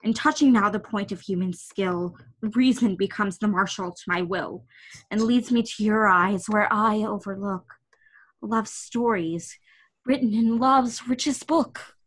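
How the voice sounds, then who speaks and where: A woman's voice: medium pitch, measured pace, close to an everyday voice. A woman playing an impulsive young male lover, reading Shakespeare verse earnestly over a video call.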